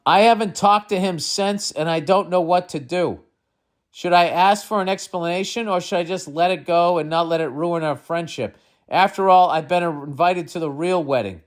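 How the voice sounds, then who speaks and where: A man hosting a comedy advice podcast, ranting with lots of swearing and exasperated outbursts that drop into mutters. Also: a little high. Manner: swearing, exasperated, swings between loud and muttering. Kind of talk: profane comedic rant.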